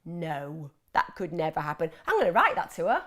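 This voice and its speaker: This host of a mental health Q&A livestream has a voice that sits low and a moderate pace. She chats casually, reads viewers' questions, laughs frequently and does voices, all with animated energy.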